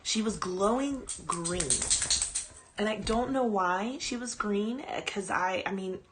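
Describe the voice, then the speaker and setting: A woman podcast host on a live stream casually recounts a personal ghost story in a rambling, chatty way, breaking off to coo at her dog. She speaks slowly in a mid-range voice.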